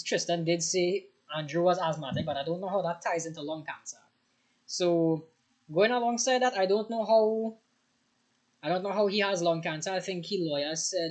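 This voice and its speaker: A tired young man hosting a reaction video, rambling in casual commentary after too much coffee. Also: high-pitched. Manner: rambling, restarts often, over-caffeinated. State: tired, short on rest.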